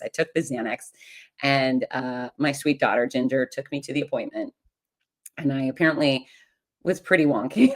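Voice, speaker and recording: A middle-aged woman with a notably low-pitched voice tells a personal story. She speaks frankly and with humor, confiding in the listener like a close friend. Her delivery is animated, with sudden leaps for emphasis. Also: brisk. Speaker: podcast host.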